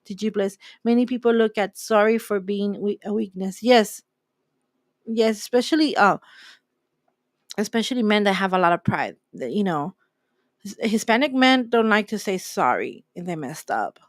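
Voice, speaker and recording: A woman's voice: medium pitch, animated, normal speed, dry recording, clean studio sound. A woman hosting a faith talk, preaching in an emphatic way and repeating her key phrases. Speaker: host.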